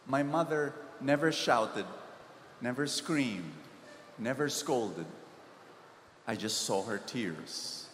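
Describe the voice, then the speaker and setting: A man's voice: medium pitch, a bit bright, a little hiss or hum. A man with a Filipino accent preaching a sermon, telling a story and pleading, rising to emphatic peaks. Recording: echoey hall, faint ambience.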